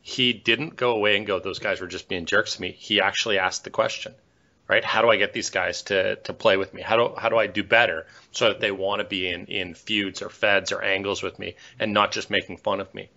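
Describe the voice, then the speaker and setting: A man co-hosting a podcast, telling a story in a measured, thoughtful way. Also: on the low side, fairly even intonation, sharp tone, muffled recording. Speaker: podcast co-host. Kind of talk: casual podcast chat.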